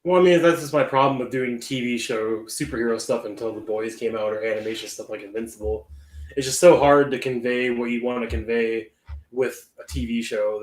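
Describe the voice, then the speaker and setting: A male podcast co-host chatting casually at a middle pitch, rambling through his points with fillers and false starts. His voice carries a noticeable room echo. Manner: rambling, many fillers and restarts. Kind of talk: casual chat.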